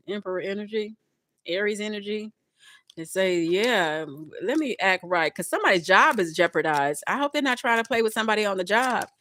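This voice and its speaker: A woman's voice: on the high side, slight background noise. Chatty woman giving a tarot reading. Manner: chatty and expressive, addressing spirit and viewers; playful, laughs often. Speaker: tarot reader. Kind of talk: casual collective tarot reading.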